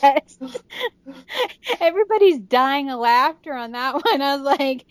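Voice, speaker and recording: On a casual podcast, a female guest with a high-pitched, lively voice tells funny stories, giggling often and racing through them while acting out what people said. The recording is dry.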